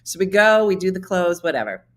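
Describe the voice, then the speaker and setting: A middle-aged woman hosting a comedy morning show, telling funny stories and acting out the dialogue with big jumps in her voice. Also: brisk. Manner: animated, acts out dialogue with big pitch jumps. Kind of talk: comedic storytelling chat.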